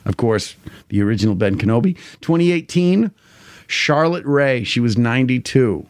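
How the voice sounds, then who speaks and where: A man's voice: mid-range voice, expressive, normal speed, no room sound, clean studio sound. A man, hosting a livestream in loose, crude, jokey rambling. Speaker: livestream host. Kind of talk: casual chat.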